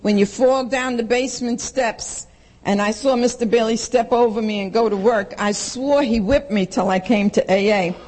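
New woman telling her story to the room, blunt, hammers points home, slightly high voice. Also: normal speed, a little mellow, rough recording. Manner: blunt and emphatic, repeats for stress. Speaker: recovery meeting speaker. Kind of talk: personal testimony to an audience.

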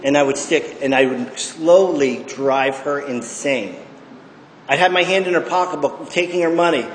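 Speaking at normal speed in a slightly high voice, a middle-aged man shares emphatic, profane testimony at a recovery meeting and keeps asking the room "okay?". The hall is echoey with long reverb, and there's slight background noise.

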